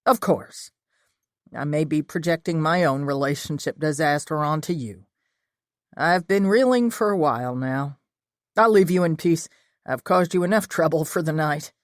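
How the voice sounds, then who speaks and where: A woman voicing a friendly, persistent Southern man in an audiobook, speaking in a soft, coaxing, apologetic way. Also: deep voice, moderate pace, no room sound, clean studio sound, lightly acted. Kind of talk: audiobook character voice.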